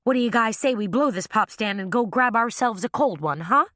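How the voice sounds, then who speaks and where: Lady narrator doing a brassy wisecracking gal, high and shrill, loud. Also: animated, fairly quick, dry recording, studio quality. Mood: sassy. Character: brassy sassy young woman, loud and shrill.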